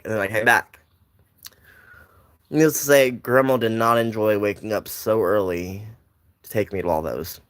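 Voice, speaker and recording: A man's voice: on the low side, fairly bright tone. A young man telling a personal story in a casual, rambling way, with lots of restarts and side notes. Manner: rambling, with many restarts and asides.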